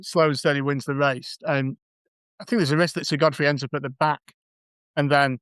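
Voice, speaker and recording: A man's voice: medium pitch, a bit bright, clear, resonant tone, no room sound. A man playing a knight in a tabletop game, speaking in a hesitant, self-deprecating way. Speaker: player. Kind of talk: tabletop role-play.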